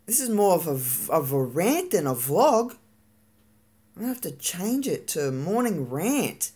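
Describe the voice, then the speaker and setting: A vlogger venting in a live-streamed rant, frustrated and swearing, with lots of halting fillers and restarts. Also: medium pitch, big pitch swings, a little mellow, breathy edge.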